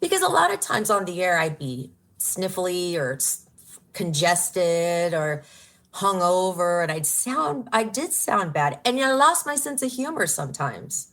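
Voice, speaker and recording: A woman's voice: lowish voice, big pitch swings, a little slow, a bit bright. A woman, a radio personality telling her story earnestly in an interview. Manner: earnest and emotional, with bursts of laughter and exclamations. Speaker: radio personality, podcast guest.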